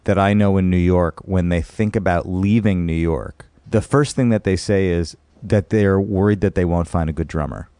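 A low-voiced man hosts an interview. He builds his questions slowly, with restarts along the way. His voice sits dry and close to the mic. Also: warm tone, clean tone, no room sound. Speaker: podcast host.

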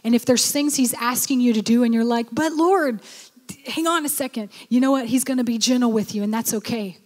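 Lady pastor preaching, kinda high voice, keeps urging folks on, big echoey church sound. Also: fairly even intonation, fast talker, darkish tone. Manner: exhorting, repeats "come on". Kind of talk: sermon.

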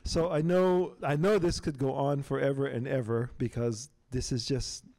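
A man moderating a community talk and gently closing the session. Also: medium pitch, fairly even intonation, normal speed, slight background noise. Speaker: event moderator. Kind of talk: hosting a talk.

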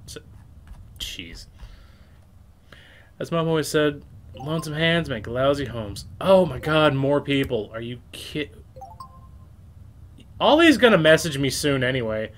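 A man giving let's-play commentary, rambling and self-mocking as he reads messages aloud and swears casually. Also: medium pitch. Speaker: game streamer.

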